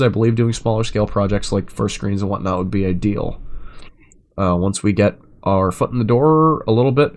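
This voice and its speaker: Guy with a lowish voice reading chat logs out loud, steady, then sarcastic swearing bits. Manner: even, measured reading of messages; loud, sarcastic swearing rants when reacting. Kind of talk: reading messages aloud with reactions.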